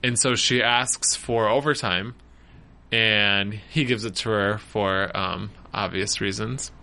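A man's voice: on the low side, fairly even intonation, takes it slowly, creaky, sharp tone. A man co-hosting a casual podcast, recapping a TV episode with friends. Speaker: podcast co-host.

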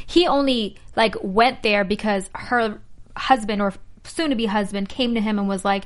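A woman giving strong opinions in a casual group chat, emphatic and quick to argue. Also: medium pitch. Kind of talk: casual reality-TV recap chat.

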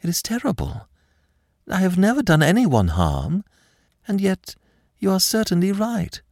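A man's voice: fairly low pitch, sing-song, normal speed, no room sound, studio quality. Man doing a frightened young French lady. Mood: fearful. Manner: anxious, breathless pleading. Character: frightened young French woman, about twenty.

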